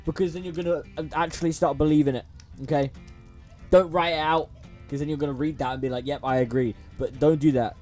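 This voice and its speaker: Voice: mid-range voice, fairly even intonation, fast talker, mellow, soft background music. A streamer chatting casually over a story game, reading the characters' lines aloud in playful voices and swearing in slangy asides. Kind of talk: casual gaming livestream commentary.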